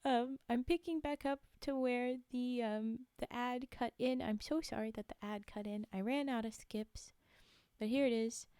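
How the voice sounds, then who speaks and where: A woman reads a story on a casual livestream, breaking off for chatty, giggly asides to her viewers. Her voice is mellow and warm, and the sound is close and dry. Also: on the high side, fairly even intonation, measured pace, clean tone, no room sound. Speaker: streamer reading stories.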